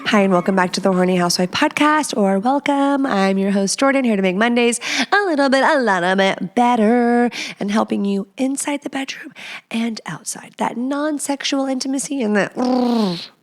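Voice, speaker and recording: A woman hosting a casual podcast, chatty and playful, dropping into quick whispered asides. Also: a little high, faint music behind. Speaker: podcast host.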